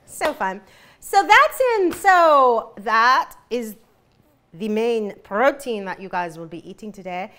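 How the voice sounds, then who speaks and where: A woman's voice: fairly high pitch, expressive, slow, sharp tone. A woman hosting a live cooking demonstration, chatty and giggly. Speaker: cooking show host.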